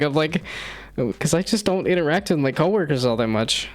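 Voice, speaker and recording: A man's voice: on the high side, expressive, a little fast. A man in his thirties chatting casually on a live stream, rambling and self-deprecating, laughing often. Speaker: streamer and hobby game developer.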